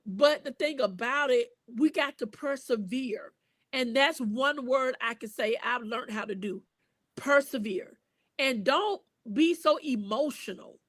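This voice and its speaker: High-voiced woman, lively faith-show host. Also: a little slow, dry recording. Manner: animated, repeats words, folksy. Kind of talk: casual faith talk.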